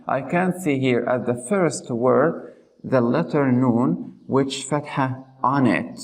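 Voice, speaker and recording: Very slow, deliberate male teacher. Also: medium pitch, rough recording. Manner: slow, deliberate, repeats example words and asks "okay?". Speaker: Quran recitation teacher. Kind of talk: slow explanatory lesson.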